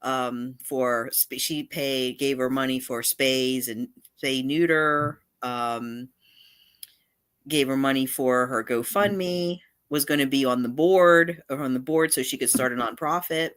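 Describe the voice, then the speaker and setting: A livestream host chatting casually, halting often with fillers. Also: medium pitch, fairly even intonation, fairly bright tone, smooth.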